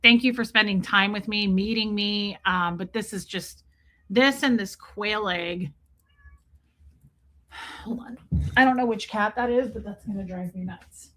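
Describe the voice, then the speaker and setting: Bright-voiced gushing woman streamer. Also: mid-range voice, moderate pace. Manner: gushing, chatty, greets viewers by name. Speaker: livestream host. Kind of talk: casual livestream chat.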